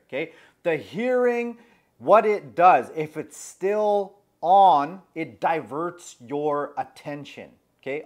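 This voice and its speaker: A man of about forty giving advice on social anxiety through a personal story, emphatic and constantly checking in with "okay?". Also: a little high.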